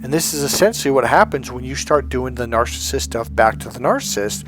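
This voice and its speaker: A man's voice: mid-range voice, expressive, fairly quick, music in the background. A man giving a blunt, emphatic motivational monologue as a life coach, often acting out the voices he quotes.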